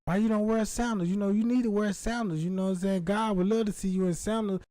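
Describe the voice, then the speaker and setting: A man voicing a pushy male church store clerk who talks quick and insistent. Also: sits high, steady tone, mellow, dry recording, voice pushed up, lightly acted.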